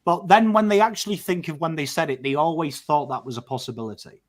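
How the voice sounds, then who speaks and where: A man with an English accent hosting a casual podcast chat, animated and swearing freely, often checking in with "right?". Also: on the high side, fast talker. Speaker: podcast host.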